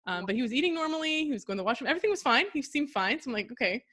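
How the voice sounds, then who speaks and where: A woman guest chatting casually and telling lively anecdotes, acting out her dog's thoughts. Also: sits high, racing. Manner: lively storyteller who mimics her dog.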